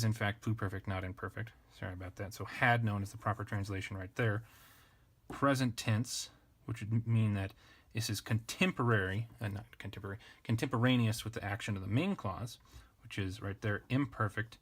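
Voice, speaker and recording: A man teaching an unscripted grammar lesson, thinking aloud and correcting himself in a relaxed way. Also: fairly low pitch. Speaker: language teacher. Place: indoors at a desk with a camera.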